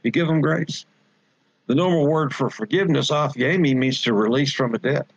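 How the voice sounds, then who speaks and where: A man's voice: medium pitch, normal speed, vocal fry, dry recording, muffled recording. A man preaching as pastor in a Bible study, explaining Greek words with emphatic, repeated phrases.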